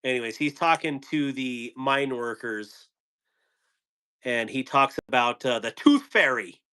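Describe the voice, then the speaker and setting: A man's voice: medium pitch, lively intonation, a little slow, pushed and bright, clear, resonant tone. Man rambling through corny dad jokes. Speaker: live stream host. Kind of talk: casual live stream chat.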